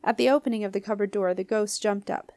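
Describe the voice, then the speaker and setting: A woman reading a children's fantasy book aloud in a clear, expressive way. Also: mid-range voice, quick pace, no echo, clean studio sound. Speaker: audiobook reader. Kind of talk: storybook narration.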